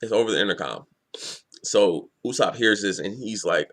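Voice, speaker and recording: A man giving a casual, profane, animated manga review. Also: lowish voice, normal speed.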